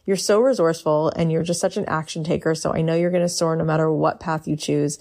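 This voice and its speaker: A woman with a low, gravelly voice wraps up a podcast episode. She speaks encouragingly, praising her guest and urging listeners to support them. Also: steady tone, fast, a little mellow. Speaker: podcast host. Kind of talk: podcast outro.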